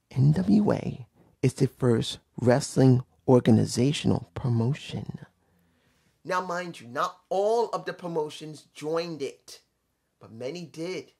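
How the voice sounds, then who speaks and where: A man giving a solo wrestling opinion rant, lecturing his viewers, repeating points and telling himself to calm down. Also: on the high side. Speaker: wrestling commentary vlogger.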